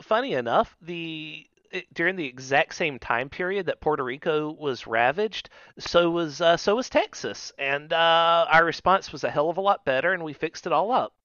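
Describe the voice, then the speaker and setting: A man's voice: a little high, animated, normal speed, fairly bright tone, no echo, highs cut off. A man in casual political chat, making sarcastic, dry jokes.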